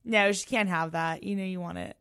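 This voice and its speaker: A woman in her twenties in a casual chat, giggly and quick to react. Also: lowish voice, fairly bright tone, clear, resonant tone, no room sound, studio quality. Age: 20s.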